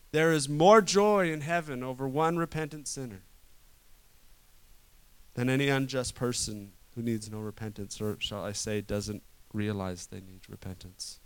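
A man preaching a sermon to a room, swinging from loud urgent stretches to quiet soft ones. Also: mid-range voice, clean tone. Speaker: pastor.

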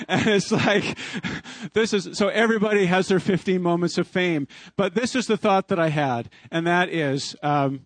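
A man in his fifties, a preacher telling a personal story in a sermon, animated and often chuckling. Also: high-pitched, normal speed, dry recording. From Canada. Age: 50s.

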